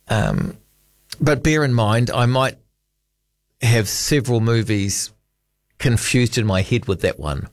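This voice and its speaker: A man's voice: mid-range voice, big pitch swings, slow, pauses often, no echo, studio quality. A man with a New Zealand accent hosting late-night talkback radio, rambling casually and reading listener texts aloud. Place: radio studio. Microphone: studio microphone.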